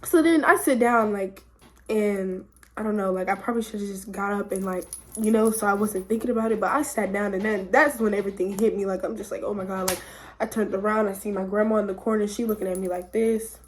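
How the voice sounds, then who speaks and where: A young woman vlogger tells a story in a loose, excitable, rambling way packed with filler words. Her voice is medium in pitch and a little fast, with slight background noise.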